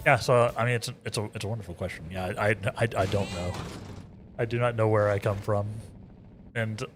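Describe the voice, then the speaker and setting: Over music, a US man streaming a game talks fairly quickly in a steady tone on the low side. He chats casually with viewers, rambling, repeating words, and making asides to the chat.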